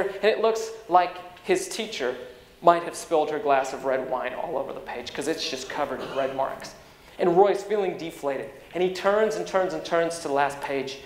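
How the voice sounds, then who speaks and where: A man giving a motivational keynote speech, an energetic storyteller who swings in pitch and loudness. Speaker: keynote speaker. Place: large conference hall. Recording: echoey conference hall with long reverb.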